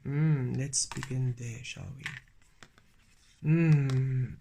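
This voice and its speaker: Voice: mid-range voice, slight background noise. A tarot reader giving a channeled spiritual reading, repeating soothing phrases in an incantatory way and laughing often. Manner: slow, incantatory repetition with frequent laughter. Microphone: camera on a table.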